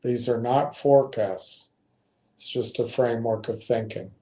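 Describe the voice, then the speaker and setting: Slow-talking man with a mellow voice. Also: medium pitch, fairly even intonation. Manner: unhurried, thinking aloud with frequent ums and self-corrections. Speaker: stream host. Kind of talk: casual investing talk, reading out analysis.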